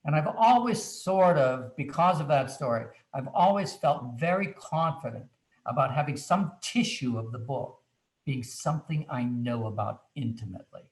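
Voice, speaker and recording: A man telling an animated story as a guest author, acting out little quoted asides as he goes. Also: medium pitch, moderate pace, echoey room. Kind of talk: anecdotal storytelling on a video chat.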